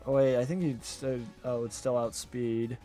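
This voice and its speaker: A man talking viewers through a live gameplay stream, animated and quick to blame himself. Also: mid-range voice, faint music behind. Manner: animated, self-critical, talks straight to viewers. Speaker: game streamer.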